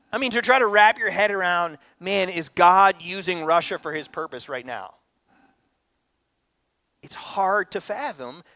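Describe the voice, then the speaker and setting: A pastor in his thirties giving a conversational sermon, acting out quotes with lively energy. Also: high-pitched, no echo. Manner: conversational, animated, acts out quotes.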